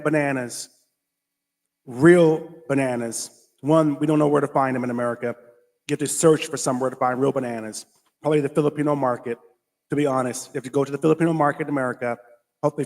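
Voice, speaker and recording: Brief: male host, fairly high voice, excitable label-reading commentary, long room reverb. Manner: animated, reads food labels aloud, exclaims. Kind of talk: casual reaction commentary.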